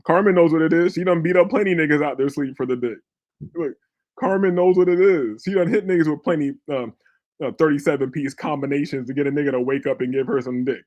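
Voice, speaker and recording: A man's voice: a little high, quick pace, a little mellow. A man hosting a podcast, telling a crude, profane story in a rambling way and often checking in with the listener. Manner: profane, rambling, keeps asking "you feel me". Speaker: podcast host.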